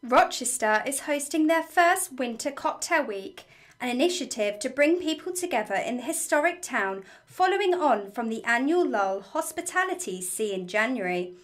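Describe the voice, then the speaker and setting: High-voiced woman news presenter. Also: expressive, normal speed.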